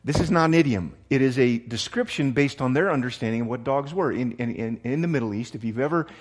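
A man's voice: medium pitch, quick pace. A middle-aged pastor preaching a sermon, often restarting words and suddenly raising his voice for emphasis. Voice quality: repeats and restarts words, emphatic jumps in volume.

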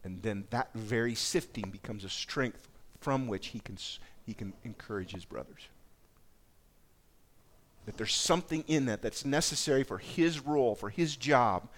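An earnest male pastor preaching to his congregation at a middle pitch. He talks with steady conviction and drives his points home through repeated phrases. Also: moderate pace. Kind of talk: sermon.

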